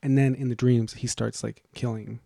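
Gravelly-voiced man riffing on a podcast. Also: mid-range voice, flat delivery, mellow, no room sound, studio quality. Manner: rambling, jokey, quick asides. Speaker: podcast co-host. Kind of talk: casual chat.

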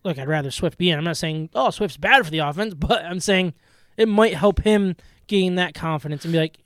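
A man in his thirties co-hosting a casual sports podcast, telling stories excitably with quick restarts and laughs. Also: high-pitched, no room sound, studio quality. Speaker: podcast co-host.

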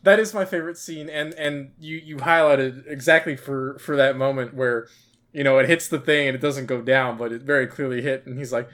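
A man chatting casually about a film on a podcast, animated, stumbling over restarts. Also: mid-range voice, normal speed. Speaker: podcast co-host. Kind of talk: casual movie review chat.

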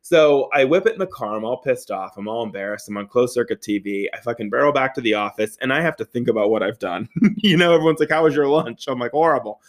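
Quick and mid-range in voice, this man from the Pittsburgh region tells a comedic story about himself. He swears freely, laughs a lot, and performs everyone's lines with animation.

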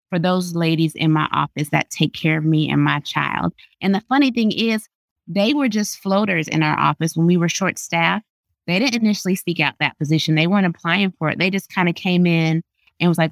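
A woman's voice: fairly low pitch, normal speed, dry recording. A woman in her thirties, a pediatrician, sharing earnest, emphatic testimony as a podcast guest. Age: 30s. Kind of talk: faith podcast interview.

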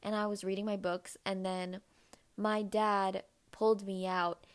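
A woman's voice: level tone, unhurried, smooth. A young woman hosting a podcast, telling a personal story in a casual, chatty way, full of "like" fillers. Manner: chatty, many "like" fillers, acts out quoted voices in a higher pitch. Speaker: podcast host.

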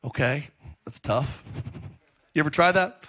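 A middle-aged man preaching a sermon as pastor, telling stories in an animated, joking way. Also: a little high, measured pace. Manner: animated, joking storytelling with laughs.

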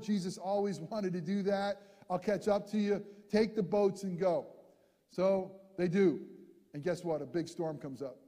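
A man preaching a sermon, telling a scripture story with lively acted-out voices and sudden drops to a hush. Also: high voice, normal speed, in a large hall. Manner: animated storyteller, acts out characters, shifts from loud to hushed. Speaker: pastor.

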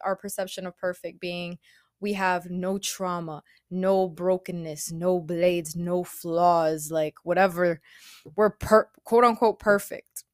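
A woman's voice: fairly low pitch, fairly even intonation, slow pace, dry recording, studio quality. A woman giving a casual, chatty spiritual talk, retelling a parable in an informal way. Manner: chatty, informal, frequent "like" and "bro". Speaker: spiritual speaker.

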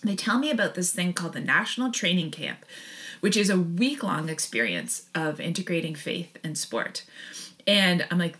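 A woman's voice: on the low side, lively intonation, moderate pace, pushed and bright. A woman in her thirties, a podcast guest, telling a long personal story in a rambling, self-interrupting way with frequent laughs.

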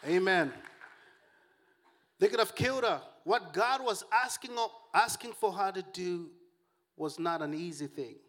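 A man preaching a sermon as pastor, animated and joking, calling out to his congregation. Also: high-pitched, a little slow, pauses often.

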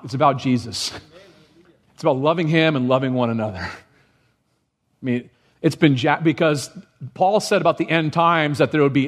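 A male pastor delivering a sermon with a somewhat high voice. He talks straight to his congregation, swinging up sharply for emphasis and tossing out rhetorical questions. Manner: animated preaching, rising for emphasis.

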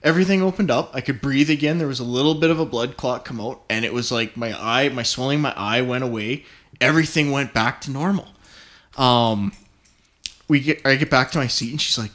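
A man from Canada telling hunting stories in casual talk, animated and swearing, acting out what people said. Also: medium pitch, fairly quick. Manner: animated, swearing, acts out quotes. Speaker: guest hunter. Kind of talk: casual storytelling.

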